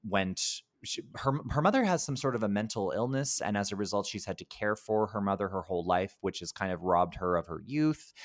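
A man's voice: lowish voice, no echo, clean studio sound. A man hosting a film podcast, chatting casually with fillers and frequent laughs. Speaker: podcast host. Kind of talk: casual film review chat.

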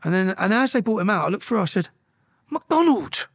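A man's voice: sits high, racing, fairly bright tone. A man bluntly recounting his experiences as an interview guest, swearing freely and restarting his sentences often. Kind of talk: casual storytelling.

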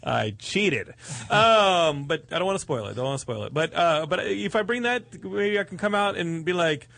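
This is a podcast host, a man with a slightly high, gravelly voice full of vocal fry. He jokes and rambles as he chats, and he sounds dry and close, with no room echo. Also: lively intonation, normal speed, fairly bright tone. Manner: joking, rambling banter. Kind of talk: casual podcast chat.

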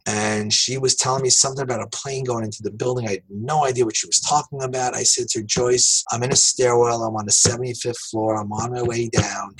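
Fast-talking husky New man. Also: medium pitch, rough recording. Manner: animated storyteller, acting out quoted dialogue. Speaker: interview guest, survivor telling his story. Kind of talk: storytelling in an interview.

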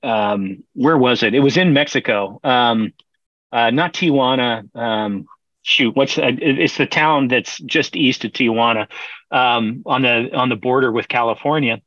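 A man's voice: mid-range voice, measured pace, a bit bright, dry recording, muffled recording. A middle-aged man, a brewer, telling long stories in a casual interview, rambling with many fillers, restarts and laughs. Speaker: brewer, podcast guest.

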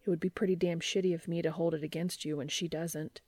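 Woman doing a hushed, gruff young man. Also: on the low side, level tone, fast, no room sound, close to an everyday voice. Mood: soothing. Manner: hushed, half-whispered.

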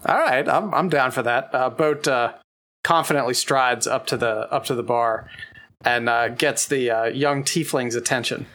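A man who is a player in a tabletop game, talking in a relaxed and playful way. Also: medium pitch, normal speed, slight background noise. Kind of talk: casual tabletop game play.

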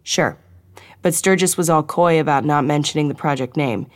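A woman voicing a sharp-witted female agent talking on the phone, in a confiding, conspiratorial way. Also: low-pitched, moderate pace, natural voice.

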